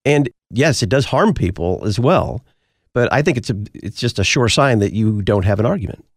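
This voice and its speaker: A man's voice: medium pitch, animated, moderate pace, no echo, clean studio sound. A man hosting a talk radio show, answering listener mail in an emphatic, preacherly way.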